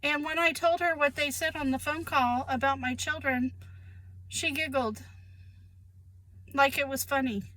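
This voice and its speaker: A woman's voice: sits high, steady tone, measured pace, long pauses, bright, forceful tone, no echo, rough recording. A woman, speaking in a casual, emphatic monologue about her own life and repeating phrases for weight. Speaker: vlogger sharing personal experience.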